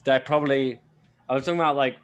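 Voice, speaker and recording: A man's voice: mid-range voice, fairly even intonation, fast, smooth, lo-fi sound. A man co-hosting a podcast talks in loose, rambling casual chat. He piles on filler words and swears freely. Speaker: podcast co-host.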